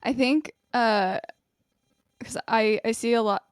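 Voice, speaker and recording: A woman's voice: a little high, takes it slowly, clear, resonant tone, no room sound. A woman hosting a podcast, supportive and outspoken in casual chat. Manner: supportive, with frequent "mm-hmm", outspoken and blunt. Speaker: podcast host.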